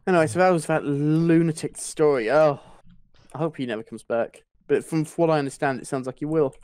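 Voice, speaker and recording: A young man telling a funny anecdote in a casual chat, animated and swearing freely. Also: fairly high pitch, brisk, clean tone, no echo. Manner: animated, swearing, laughing through the story. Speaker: podcast storyteller.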